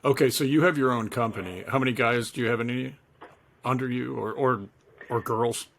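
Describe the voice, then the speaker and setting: A man's voice: medium pitch, fairly quick, creaky, a bit bright, slight background noise. A man hosting an interview, asking casual questions and giving short affirmations. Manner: brief affirmations, friendly prompts. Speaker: interviewer, host.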